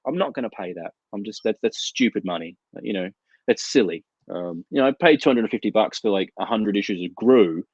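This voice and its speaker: A comics chat show co-host, speaking from his desert home over a video call, tells casual, rambling and profane anecdotes. He sounds animated and brisk with a lowish voice, captured as a dry recording through dull, lo-fi call audio.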